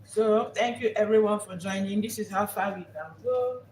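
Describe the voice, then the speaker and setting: A woman's voice: medium pitch, normal speed, a little mellow, slight background noise. A woman hosting a live cooking vlog, talking unhurriedly and repeating herself while she savors the food. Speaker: cooking show host.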